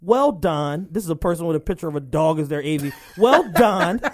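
A man co-hosting a podcast, riffing and joking in an animated, casual way. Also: on the high side, fast talker. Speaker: podcast co-host. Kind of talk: casual chat.

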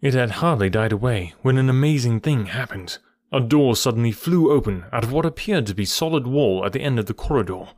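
Steady male audiobook narrator. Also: medium pitch, brisk, dry recording, studio quality. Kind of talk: scripted narration of a classic detective story.

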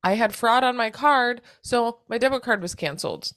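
A woman co-hosting a podcast, chatting casually and telling an animated story with plenty of swearing. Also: a little high, moderate pace, no room sound, studio quality. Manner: acts out others' lines in quoted voices. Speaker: podcast co-host. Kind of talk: casual chat.

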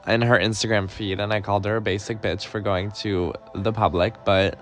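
A man's voice: on the low side, fairly even intonation, brisk, fairly bright tone, soft background music. A young man telling a story in a casual, gossipy way, swearing and dramatic. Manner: gossipy, profane, dramatic retelling. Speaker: podcast host.

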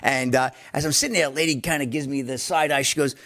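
A man's voice: mid-range voice, fast, a bit bright. A man who hosts a sports segment, telling chatty anecdotes in a casual studio talk show. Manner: chatty anecdote-teller, laughs often. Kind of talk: casual chat.

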